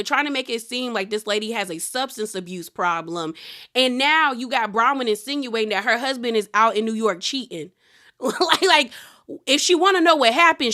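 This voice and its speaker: A woman casually recapping a reality TV episode in an animated, sassy storytelling manner. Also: fairly high pitch.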